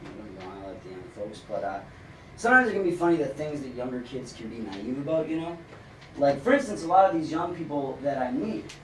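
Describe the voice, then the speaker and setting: A middle-aged man doing a stand-up comedy set in a club, with a dry, rambling deadpan delivery and many pauses. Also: fairly high pitch. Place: comedy club stage with live audience. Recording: roomy club sound from a distant mic, noisy. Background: audience laughter.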